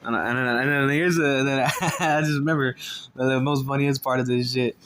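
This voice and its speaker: A man spinning a casual storytime in a relaxed, drawn-out way, with swearing in nearly every sentence and short laughs in between. His voice sits at a middling pitch, with faint noise behind him. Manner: laid-back, heavy swearing, laughs between lines. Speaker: storyteller vlogger.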